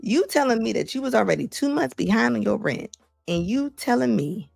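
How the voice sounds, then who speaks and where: Chatty gravelly-voiced woman host. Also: fairly high pitch, lively intonation, brisk, a little mellow, no room sound, clean studio sound, soft background music. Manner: chatty, slangy, laughing, opinionated. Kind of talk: casual livestream commentary.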